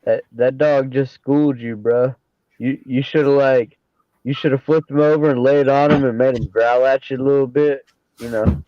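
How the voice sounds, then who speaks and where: A man's voice: medium pitch, steady tone, normal speed, no room sound. A man jokes and heckles in crude, casual talk. His voice comes through dull and dry, a bit muffled and close. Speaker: chat guest. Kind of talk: casual chat.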